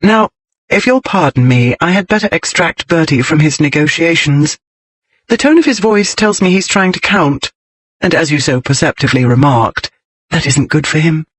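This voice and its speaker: A man voicing a composed young lady who speaks crisply and teases with dry wit. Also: on the high side, animated, moderate pace, a bit bright, dry recording. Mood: cool teasing. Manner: crisp, poised, dryly teasing. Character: composed, witty young lady, cool and teasing.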